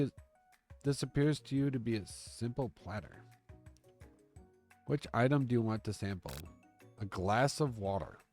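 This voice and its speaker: Man reading a text game aloud with faint music. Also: medium pitch. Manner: reads the story aloud and jokes and curses along. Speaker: streamer.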